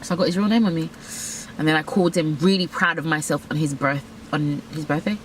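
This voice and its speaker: A woman's voice: deep voice, steady tone, fast, a little hiss or hum. A young woman telling a candid story, blunt, profane and self-mocking. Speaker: vlogger.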